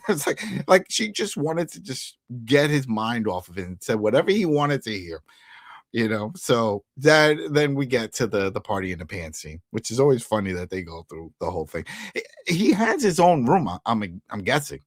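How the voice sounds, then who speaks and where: A man co-hosting a casual chat about a TV episode, acting out the characters' lines in quick voices. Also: mid-range voice, sing-song, no echo, clean studio sound. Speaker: podcast co-host.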